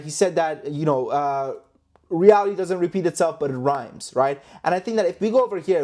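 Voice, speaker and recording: A man's voice: a little high, darkish tone. A man from Canada hosting a stock market commentary vlog in a brash, profane, hype-driven way, full of rhetorical questions. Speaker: stock trading YouTuber. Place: London, indoors.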